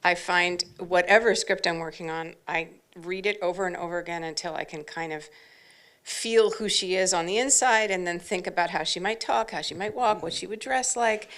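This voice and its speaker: A woman's voice: lowish voice, fairly bright tone. A woman, an actress and panel guest, telling anecdotes in a chatty, casual way full of fillers like "like.".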